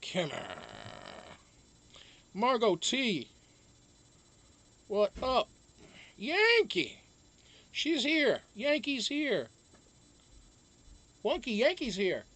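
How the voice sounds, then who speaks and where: A man's voice: very high voice, wildly swooping pitch, extremely slow, pauses often, bright, forceful tone. A man hosting a casual live stream, chatting loosely, greeting viewers one by one and swearing freely.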